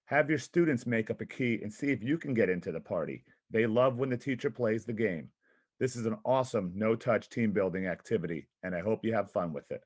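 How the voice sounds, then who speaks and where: A man's voice: lowish voice, brisk, darkish tone. A man presenting a physical education workshop, upbeat and encouraging as he explains a team-building game.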